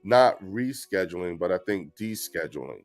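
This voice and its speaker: Man, blunt and animated guest, faint music underneath. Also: low-pitched, moderate pace, gravelly, no echo. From New Jersey. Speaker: guest speaker. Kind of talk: casual activist talk.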